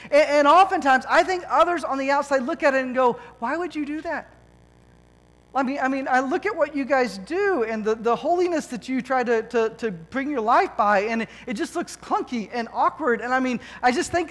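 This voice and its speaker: High-voiced pastor preaching in a hall. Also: male voice, a bit bright. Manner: conversational storytelling with frequent "right?" asides. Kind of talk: sermon. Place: church sanctuary.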